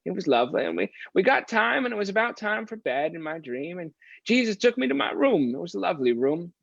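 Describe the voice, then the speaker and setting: A man voicing a folksy older male preacher who tells a dream in the first person with a slow, high voice. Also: sing-song, creaky, a bit bright, no room sound, lo-fi sound, heavily acted. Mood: wistful.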